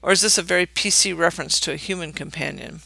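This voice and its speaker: Male narrator, wry scripted essay read, dry close sound, gravelly tone. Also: on the high side, fast talker, pushed and bright, dry recording.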